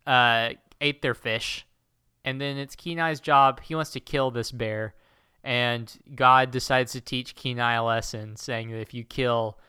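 A man's voice: medium pitch, pushed and bright, clear, resonant tone, dry recording, studio quality. A man co-hosting a casual comedic chat, recapping a plot in a rambling, jokey way and doing silly quoted voices. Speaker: podcast co-host.

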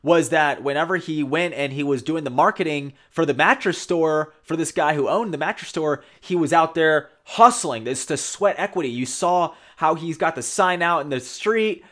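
A man casually retelling a show in commentary, talking in a loose, energetic way and often tagging on "you know" and "right?". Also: fairly high pitch, normal speed, few pauses.

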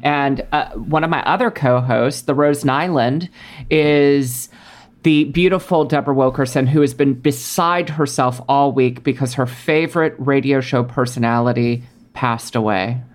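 A woman hosting a comedy podcast with a campy, deadpan delivery. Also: very deep voice, unhurried. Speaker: podcast host.

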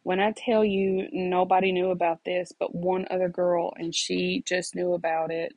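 A woman's voice: fairly low pitch, level tone, normal speed, a little mellow, no echo, rough recording. A mother earnestly telling her own story and preaching faith to listeners, repeating phrases for emphasis. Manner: preachy, addresses listeners directly. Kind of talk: personal testimony, faith encouragement.

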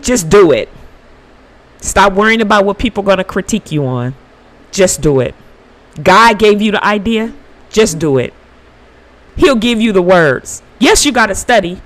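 A woman hosts her own podcast, sharing an earnest spiritual reflection. Her voice swings widely in pitch, moving from quiet, slowed phrases to animated bursts. She speaks informally and encourages her listeners through faith. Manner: earnest, emotional, with bursts of laughter. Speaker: podcast host.

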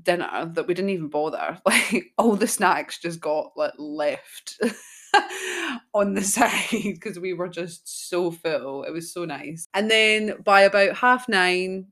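A woman's voice: fairly low pitch, animated, takes it slowly, a bit bright. A woman, chatting casually as a podcast host and telling stories with frequent giggles. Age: 20s.

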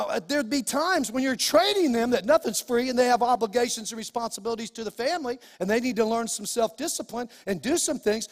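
A middle-aged man preaching a sermon as pastor, emphatic and repetitive with folksy asides. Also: very high voice. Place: church sanctuary. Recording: long church hall reverb.

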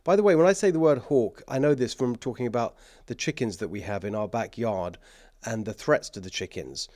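A man's voice: medium pitch, a little fast, warm tone, no echo, studio quality. A man with an English accent hosting a political talk show, emphatic and sarcastic, with bursts of mockery and laughter.

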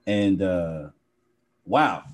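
A man co-hosting a podcast in casual chat, playful and jokey, now and then jumping into high squealed exclamations. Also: expressive, drawn-out words, a little hiss or hum. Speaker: podcast co-host.

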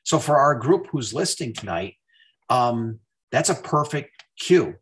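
Guy hosting a chatty interview, tells stories and does the voices of people he quotes, normal middle pitch. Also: a little slow. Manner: animated storyteller, acts out quoted dialogue. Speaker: podcast host. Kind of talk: casual interview chat.

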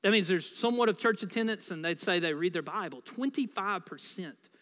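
Speaking quickly in a high, bright voice, an American pastor delivers a sermon. He addresses the congregation in a casual, playful way with plenty of asides, and the long reverb of a church hall surrounds him.

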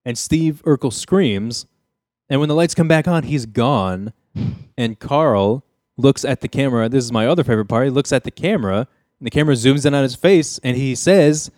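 A man chats casually on a podcast, walking his co-hosts through a sitcom episode with a joking, storytelling manner. He slips into quick impressions of the characters. His voice sits in an ordinary middle pitch, recorded dry and close. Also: darkish tone, no echo. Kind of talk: casual chat.

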